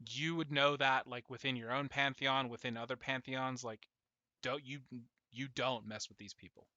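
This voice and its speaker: A man narrating as dungeon master in a casual, rambling way full of fillers, with sudden loud bursts. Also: medium pitch, steady tone, moderate pace, no echo, muffled recording. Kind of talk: narrating a tabletop game on stream.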